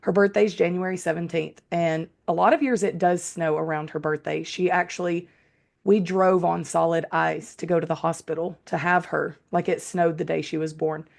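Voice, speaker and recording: Woman, 30s, podcast co-host, low gravelly voice, relaxed and sincere. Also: moderate pace. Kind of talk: casual chat.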